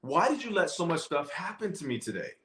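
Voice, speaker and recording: A man's voice: on the high side, very animated, fairly quick, a bit bright, pitched above the performer's own voice. A man voicing a frustrated everyday man who complains about his bad day, in a whiny, rising voice, in a roomy space. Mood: complaining.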